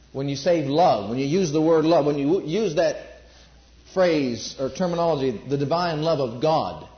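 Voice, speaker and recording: A man preaching a sermon, emphatic, repeating phrases and asking his listeners questions. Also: on the high side. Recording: roomy, dull lo-fi sermon recording.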